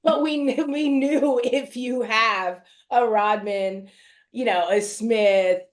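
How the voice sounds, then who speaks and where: A woman's voice: fairly high pitch, fairly even intonation, takes it slowly. A woman soccer analyst answering as a podcast guest in a casual interview, thinking aloud with frequent restarts and easy laughter.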